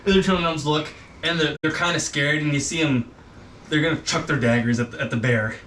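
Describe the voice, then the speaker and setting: A man's voice: a little high, fairly quick, fairly bright tone. A young man narrating as game master in a casual, hesitant way, with many fillers. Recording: distant mic with background noise.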